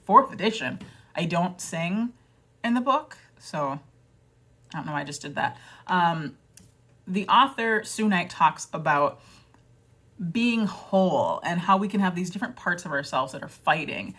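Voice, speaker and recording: Chatting casually to camera, a woman vlogger pokes fun at herself, rambling with plenty of fillers and restarts and slipping into quoted voices. Her voice sits on the low side, expressive and fairly bright, at a normal speed.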